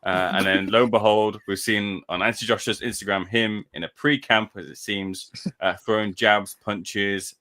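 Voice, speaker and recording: A man's voice: fairly low pitch, steady tone, normal speed, hardly any pauses, sharp tone. A man on a podcast panel in casual chat, telling a story in a rambling, hesitant way.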